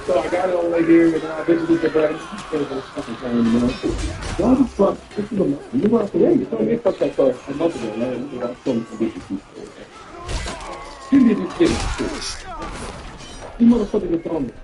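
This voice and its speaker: A man in casual chat, telling a story in an animated, profane way. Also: a little high, fairly quick, reverberant, music in the background, low-quality recording.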